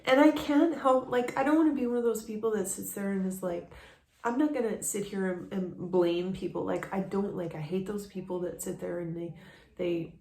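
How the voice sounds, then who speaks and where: A woman vlogging about her family, emotional and tearful, talking in halting bursts with many restarts. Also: mid-range voice, creaky, dark tone, reverberant. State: raw nose from allergies. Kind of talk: personal confessional vlog.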